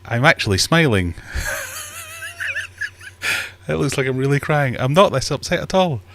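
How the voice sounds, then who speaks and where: A man's voice: medium pitch, lively intonation, quick pace, background noise. A man hosting a casual livestream chat, jokey and self-mocking, a bit out of breath. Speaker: livestream host. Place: home fish room.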